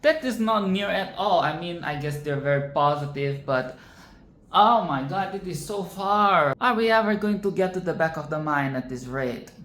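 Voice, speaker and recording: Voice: medium pitch, fairly bright tone. A film reviewer giving casual reaction commentary, rambling and playful, swearing and tossing in sarcastic asides. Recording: roomy echo with faint background noise.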